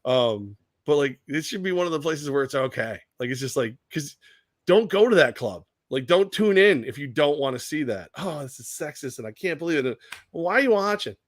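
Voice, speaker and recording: A man's voice: fairly high pitch, expressive, normal speed, no room sound, clean studio sound. A man co-hosting a radio sports talk show, chatting casually and acting out the voices of people he quotes, swearing now and then.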